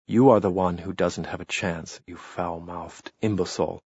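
A man's voice: low voice, fairly even intonation, normal speed, a little mellow, husky, highs cut off. A man reading the part of a proud young nobleman, clipped and bitter as he issues a challenge. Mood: bitter anger.

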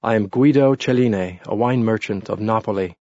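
A man voicing a hurried, apologetic wine merchant father. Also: fairly low pitch, mellow, dry recording, natural voice. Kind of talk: audiobook character reading. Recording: muffled lo-fi recording.

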